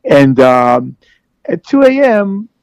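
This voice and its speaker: A man with a gravelly, fry-edged voice talks in a rambling, candid way, full of restarts and fillers. His pitch sits in the middle of the range. The sound is dry and close. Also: sing-song, takes it slowly, darkish tone, dry recording, rough recording. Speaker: guest in recovery. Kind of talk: candid conversation.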